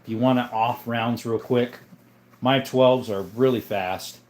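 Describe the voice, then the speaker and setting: A man's voice: medium pitch, fairly even intonation, unhurried, a little mellow. Rambling man hosting a livestream. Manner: rambling, jokey, reads chat aloud. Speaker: livestream host. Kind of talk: casual livestream chat.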